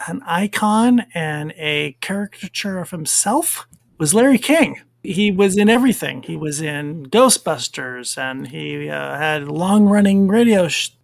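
A man's voice: a little high, lively intonation, a little slow, vocal fry, dry recording. A middle-aged man co-hosting a podcast, chatting casually and rambling with fillers. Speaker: podcast co-host. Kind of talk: casual chat.

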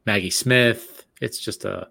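A man in a casual chat, chiming in with quick quips and reactions. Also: lowish voice, vocal fry, bright, forceful tone, no echo.

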